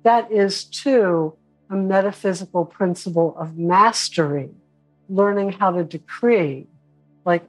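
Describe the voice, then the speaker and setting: A woman teaching an online spiritual class in a casual, animated way, now and then mimicking whiny voices. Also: mid-range voice, measured pace, soft background music, poor audio.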